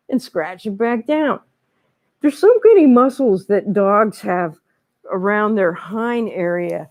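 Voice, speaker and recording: A woman's voice: mid-range voice, animated, takes it slowly, a little mellow. Cheerful chatty woman leading kids yoga. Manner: cheerful, chatty, encouraging with frequent okays and laughs. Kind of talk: guiding a children's yoga class. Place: library, indoors. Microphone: wearing a microphone.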